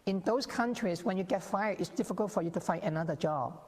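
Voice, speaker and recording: A man's voice: high voice, brisk, a little mellow, slightly rough. A male guest scholar explaining his views in a TV interview, with many restarts and acted-out quotes. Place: TV interview set. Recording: long reverb on the voice.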